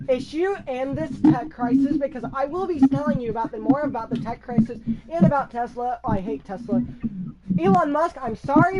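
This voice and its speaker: A woman vlogging in a casual, rambling way, hyper and excitable. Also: high voice, highs cut off. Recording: loud crowd noise behind.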